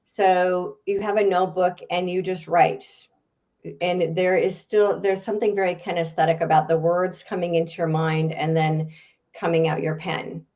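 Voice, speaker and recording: A woman, a guest author and speaker, answering in a podcast interview with a chatty, animated manner and frequent laughs. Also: fairly low pitch, moderate pace.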